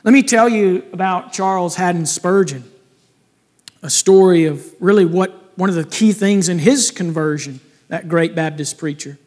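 A man's voice: high-pitched, moderate pace, a little mellow. A male pastor delivering a sermon, emphatic and rising to fervent peaks as he reads scripture and quotes. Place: church sanctuary. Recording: long hall reverb.

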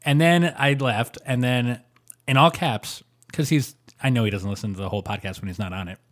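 A man co-hosting a podcast, telling animated stories with lots of fillers and quick laughs. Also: mid-range voice. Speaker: podcast co-host. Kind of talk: casual chat.

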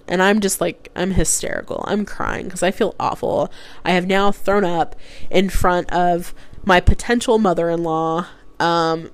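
A young woman tells a story on her solo podcast in a low, chatty voice. She laughs easily and fills her talk with "like" and "um." Her delivery is loose and conversational. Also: no echo. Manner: chatty, laughs often, many fillers. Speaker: podcast host.

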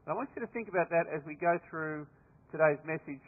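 A man in his fifties with an Australian accent, preaching a sermon in a relaxed, conversational storytelling way. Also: fairly high pitch, fast talker. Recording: tinny lo-fi line with long hall reverb.

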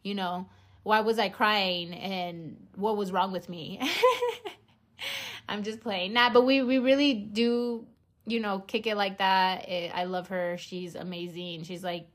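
A woman's voice: medium pitch, measured pace, fairly bright tone. A young woman hosting her own podcast, chatting casually, joking and swearing, rambling with lots of fillers. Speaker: podcast host. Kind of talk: casual chat.

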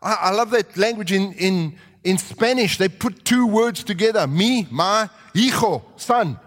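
A man preaching a sermon with animated delivery, acting out quotes and rising to shouts. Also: high-pitched, unhurried. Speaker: pastor. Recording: long reverb of a large hall.

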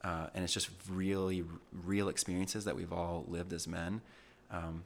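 A man's voice: deep voice, flat delivery, moderate pace, creaky, a little hiss or hum. A young man talking earnestly and reflectively in a casual podcast conversation, with plenty of fillers. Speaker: podcast guest.

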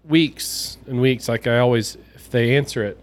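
A man co-hosting a podcast, telling a story in a rambling, animated way with lots of restarts. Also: medium pitch, moderate pace. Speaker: podcast co-host. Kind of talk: casual chat and storytelling.

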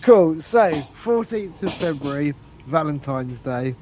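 A man hosting a casual podcast chat, chatty and quick to laugh, restarting his questions as he goes. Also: on the high side, expressive, warm tone. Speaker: host.

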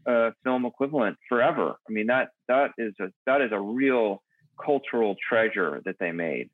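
A man's voice: mid-range voice, expressive, moderate pace, no room sound. A man speaking as a podcast guest, thoughtful and often restarting his phrases. His voice comes through a tinny, phone-like line, dry with no room sound. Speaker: guest, film professional. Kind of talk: casual podcast conversation.

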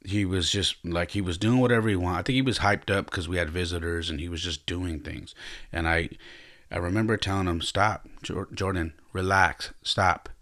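A man's voice: sits low, fairly even intonation, fairly quick, a bit bright. A man hosting a podcast, telling a personal story in a reflective, earnest way, often stopping and restarting his sentences. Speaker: podcast host.

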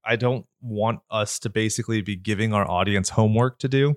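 A man with a nasal voice co-hosting a podcast, talking in a rambling, candid, lively way. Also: lowish voice, a little fast, no echo. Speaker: podcast co-host. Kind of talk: casual podcast chat. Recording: dry close mic.

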